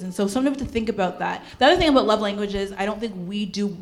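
A woman's voice: mid-range voice, fast. A woman co-hosting a casual chat about parenting and relationships, talking earnestly and acting out little quoted voices. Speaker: podcast co-host.

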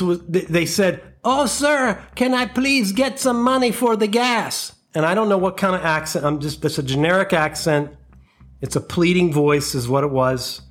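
Speaking close to the mic, a man with a voice on the high side hosts a comedy podcast, delivering an animated, profane monologue of mock outrage.

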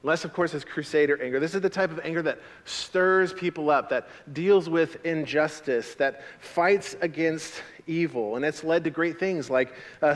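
A man preaching a sermon as a pastor, in a conversational, animated way with frequent repetitions. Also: fairly high pitch, big-room sound.

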